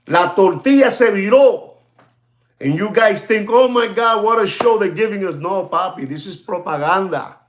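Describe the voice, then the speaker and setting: Animated, sarcastic man. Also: sits high. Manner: sarcastic, repetitive, switches into Spanish. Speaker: watchmaker and show host. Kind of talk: ranting monologue.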